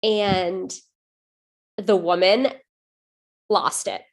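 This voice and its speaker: A woman co-hosting a podcast, telling a story in loose, animated chat. She leans on fillers and restarts as she talks. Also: mid-range voice, extremely slow. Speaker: podcast co-host. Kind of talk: casual chat.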